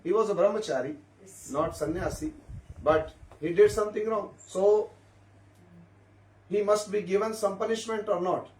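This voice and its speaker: A man's voice: high voice, moderate pace, pauses often, darkish tone. A man giving an informal spiritual talk to devotees, telling stories and often turning to his listeners with questions. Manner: repetitive, questioning listeners, storytelling. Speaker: speaker at a devotee gathering. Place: room at a devotee gathering. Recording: echoey room, mic at a distance.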